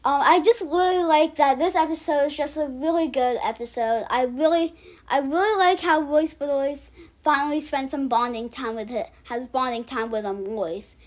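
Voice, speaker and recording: A woman's voice: sits high, moderate pace. A woman hosting her own channel, casually ranking cartoon episodes in a rambling way with many restarts and filler words. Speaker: channel host.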